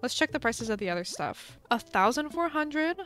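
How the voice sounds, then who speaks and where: A young woman hosting a gaming channel, chatting through gameplay in a bubbly, gushing, excitable way. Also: sits high, normal speed, soft background music. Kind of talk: casual gameplay commentary.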